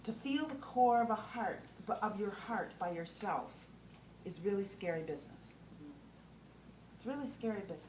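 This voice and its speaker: A woman's voice: medium pitch, expressive, normal speed, a little mellow. A woman teaching a class on compassionate listening, often checking in with "okay?" and putting questions to the group. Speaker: trainer. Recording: roomy sound from a distant mic with faint background noise.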